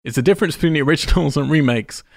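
A man's voice: fairly high pitch, rapid-fire, vocal fry, no echo. Guy gushing about a movie on a podcast, swears a lot, super dry close mic. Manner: enthusiastic, swears casually. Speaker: podcast host. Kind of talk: casual film discussion.

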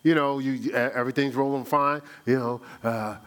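A man preaching a sermon, firing rhetorical questions at the congregation and reading scripture aloud. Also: mid-range voice. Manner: animated preaching with rhetorical questions and call-and-response; reads scripture aloud in a slow cadence. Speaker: pastor.

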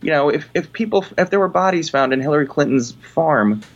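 A comedian in casual chat, talking in rambling sentences full of "you know". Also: male voice, on the high side, lively intonation, a little fast, highs cut off.

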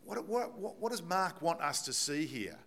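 A man's voice: fairly high pitch, sing-song, normal speed, a bit bright. Man preaching a Bible sermon. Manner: explanatory, asks the congregation rhetorical questions.

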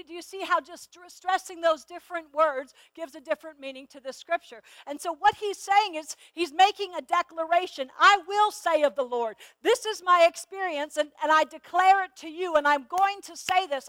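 A middle-aged woman gives a sermon with a very high voice. She speaks earnestly, stumbling over repeated words and slowing down on the phrases she wants to land. The recording is close and dry, with no room sound. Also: fairly bright tone, no echo. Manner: earnest, repeats words when starting, slows to stress key phrases. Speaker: Bible teacher.

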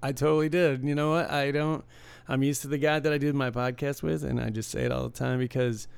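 A man's voice: mid-range voice, flat delivery, brisk, vocal fry, clear, resonant tone, no room sound. A man co-hosting a podcast, telling rambling stories in casual chat, with many restarts. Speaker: podcast co-host.

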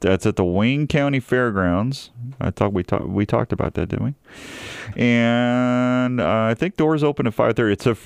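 Casual male radio host, low-pitched, rambling and jokey. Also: clear, resonant tone, dry recording, clean studio sound. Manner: rambling, jokey, restarts often.

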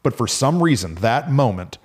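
A man's voice: medium pitch, moderate pace, husky. A man in an ordinary middle register talks easily as a pastor co-hosting a faith podcast. His delivery is loose and conversational. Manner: relaxed and conversational, slips into animated quoted voices. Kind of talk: casual faith podcast chat.

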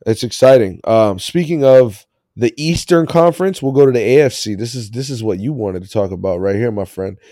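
A man's voice: medium pitch, fairly quick, few pauses, dark tone, no room sound, clean studio sound. A man hosting a casual sports podcast, talking in a loose, rambling way and laughing often. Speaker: podcast host.

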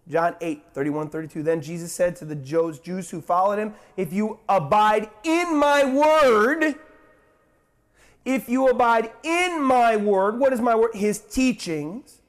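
A male pastor with a high-pitched voice delivers a sermon with fervent emphasis. He repeats key phrases and throws rhetorical questions at his listeners. His loudness swells on declarations and falls away to near-murmurs at the ends of lines. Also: normal speed. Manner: impassioned, rising and dropping sharply in loudness.

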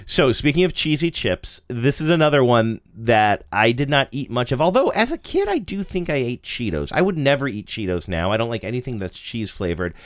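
Animated man in casual chat. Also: a little fast, few pauses, dry recording, clean studio sound. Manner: animated, self-mocking, bursts into silly high impressions. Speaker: podcast co-host.

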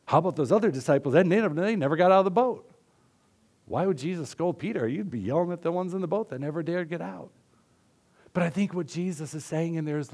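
A man preaching a sermon in an earnest, conversational way, often dropping his voice softly. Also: on the high side, brisk. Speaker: pastor.

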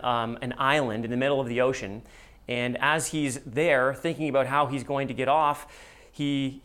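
A man's voice: medium pitch, fairly bright tone. A middle-aged man preaching a sermon as pastor, opening with an earnest prayer and telling a story with quoted voices.

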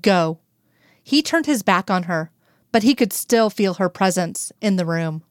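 A woman reading a fan-fiction story aloud in a steady storytelling voice. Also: mid-range voice, normal speed, dry recording, studio quality. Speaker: audiobook reader.

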